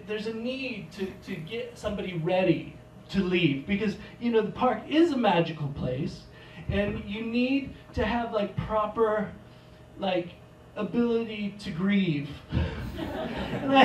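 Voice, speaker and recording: A man doing a stand-up comedy set on a theater stage, rambling and self-deprecating, with sudden loud outbursts. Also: sits high, slight background noise. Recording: echoey theater, mic from a distance.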